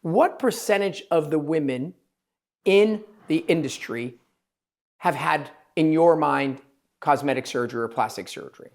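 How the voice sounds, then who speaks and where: A man, a plastic surgeon hosting a podcast, talking in an emphatic, rambling way and quoting his patients in quick asides. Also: on the high side, creaky. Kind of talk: casual interview chat.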